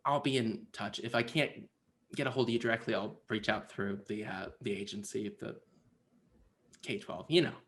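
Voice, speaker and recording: A man's voice: lowish voice, normal speed, a bit bright, slight background noise. A man voicing an emotional, effusive woman from a North Pole agency who stammers her thanks. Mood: flustered.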